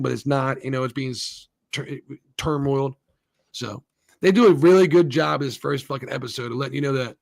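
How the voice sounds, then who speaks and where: A man's voice: mid-range voice, vocal fry. A man hosting his own show, recapping and reviewing a TV episode in a loose, rambling, profane way, often acting out the characters' lines. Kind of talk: casual solo recap and review.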